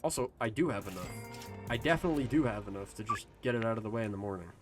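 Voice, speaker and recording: A man's voice: on the low side, very fast, music in the background. A man streaming a video game live, rambling to his chat in a loose, casual way and swearing freely. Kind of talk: casual gaming stream commentary.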